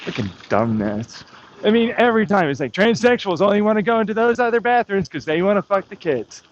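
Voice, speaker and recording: High-voiced man ranting sarcastically. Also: big pitch swings, a little fast, lo-fi sound, a little hiss or hum. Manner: sarcastic, profane, mocking heckler-style rant. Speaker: vlogger. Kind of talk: rambling outdoor vlog monologue. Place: outdoors on a hike.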